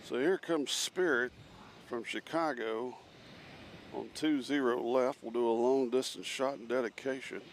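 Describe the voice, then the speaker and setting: A man's voice: mid-range voice, steady tone, measured pace, a little hiss or hum. A man hosting a live planespotting stream outdoors near an airport, chatting casually and reading out viewer messages. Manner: chatty, reads out chat messages. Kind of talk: casual commentary while planespotting.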